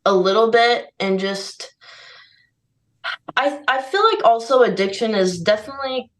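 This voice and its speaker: A woman's voice: on the high side, animated, a little slow, distant mic, low-quality recording. A young woman speaking as a podcast guest, candid and heartfelt, filling her speech with "like" and "you know.". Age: young adult. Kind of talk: candid conversational interview.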